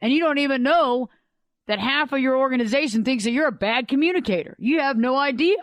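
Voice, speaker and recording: A woman's voice: high voice, animated, fairly quick, no echo. A woman host and life coach giving a conversational storytelling monologue on a radio show, driving her points home with repeated "think about it.".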